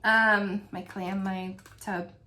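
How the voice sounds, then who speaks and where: A woman talks through her favorite wax melts in an easy, chatty way, breaking into laughs and gushing over each one. Her voice sits at an ordinary pitch for a woman, with a faint hiss of noise underneath. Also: level tone, takes it slowly, sharp tone. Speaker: wax melt reviewer. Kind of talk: casual product review vlog.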